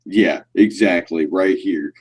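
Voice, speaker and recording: A man's voice: low-pitched, slow, slightly rough. Indignant cursing podcast man. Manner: angry, indignant, swears constantly. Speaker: podcast co-host. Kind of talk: casual profane chat.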